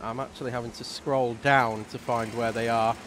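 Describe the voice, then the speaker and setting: A man doing relaxed, chatty commentary on a live race stream, explaining things at length. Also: medium pitch, normal speed, a little hiss or hum.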